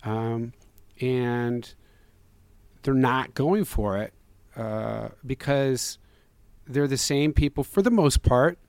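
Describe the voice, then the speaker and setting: A man's voice: mid-range voice, takes it slowly, vocal fry, long pauses, a little mellow, no echo. A man, a filmmaker guest, speaking earnestly, rambling through many restarts and fillers. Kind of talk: conversational interview answer.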